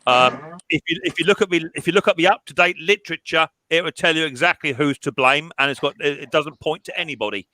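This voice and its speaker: A man's voice: fairly high pitch, fast talker, bright, forceful tone, no room sound. A man hosting a live stream chat, telling a personal story with many restarts and repeated words. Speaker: mower repair channel host.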